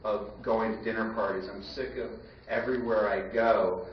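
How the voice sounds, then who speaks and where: Guy in his 40s telling stories at a banquet podium, fast asides, far off and muffled in a big echoey hall. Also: lowish voice. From United States. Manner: animated storytelling, rapid asides and repetitions. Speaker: banquet keynote speaker. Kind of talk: live speech with anecdotes. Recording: echoey, dull banquet-hall recording with noise.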